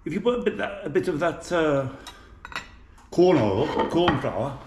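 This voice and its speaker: A man's voice: fairly high pitch, sing-song, measured pace, noisy background. A man with a Birmingham accent chatting to viewers while cooking at home, joking at his own expense. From Birmingham, England. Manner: chatty, self-mocking, talks to viewers. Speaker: home cook vlogger. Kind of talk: casual cooking vlog. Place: home kitchen. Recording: echoey kitchen with faint clatter.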